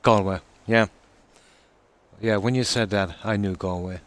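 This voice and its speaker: An Irish man chatting casually on a live stream, reading out and answering viewer comments in a relaxed, talkative way. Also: fairly low pitch, unhurried. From Ireland.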